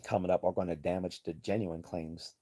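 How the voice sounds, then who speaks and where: A man's voice: low voice, steady tone, fairly quick, mellow, slightly rough. A man hosting a livestream, giving blunt, profane, rambling commentary and reading chat messages aloud. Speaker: livestream host.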